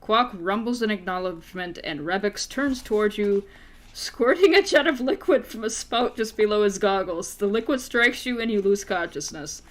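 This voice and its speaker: A woman reads an adventure book aloud to her players at a middle pitch. She is playful and casual, laughing easily and swearing among friends. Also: animated, normal speed. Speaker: game master reading an adventure book. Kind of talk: reading a story aloud to players.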